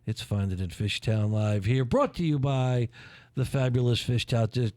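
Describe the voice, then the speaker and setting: This warm, mid-range male voice comes through a dry recording. The speaker hosts a playful morning show out of Philadelphia, joking, theatrical and quick with asides.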